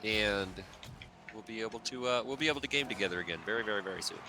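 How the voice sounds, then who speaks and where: A man's voice: lowish voice, quick pace, noisy background. A man streaming a game, rambling playfully with his teammates over voice chat. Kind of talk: casual gaming chat. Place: at home on a PC.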